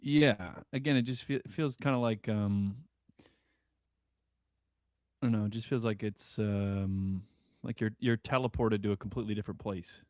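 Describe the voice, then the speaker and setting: Hesitant low-voiced man on a call. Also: fairly even intonation, darkish tone, no room sound, clean studio sound. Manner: hesitant, halting with fillers. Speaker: musician giving feedback. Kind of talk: casual chat.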